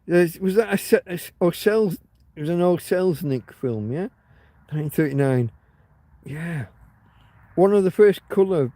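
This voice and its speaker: An English man with a fairly high but dark-toned voice chats casually with his livestream audience from home on a dry recording. He rambles, swears, trails off with ums, and has hiccups.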